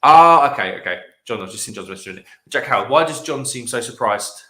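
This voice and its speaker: A bright, forceful male voice chats away as host of a late-night stream, reading out viewer comments and laughing often. The room gives his voice a noticeable echo. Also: medium pitch, lively intonation, quick pace. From England. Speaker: livestream host. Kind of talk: casual chat reading out live chat.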